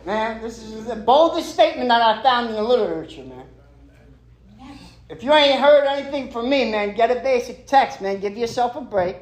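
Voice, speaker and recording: A man's voice: extremely high pitch, expressive, moderate pace, roomy sound, rough recording. A man sharing at a recovery meeting from a stage. He is emphatic and streetwise, and he keeps dropping "man" and "right".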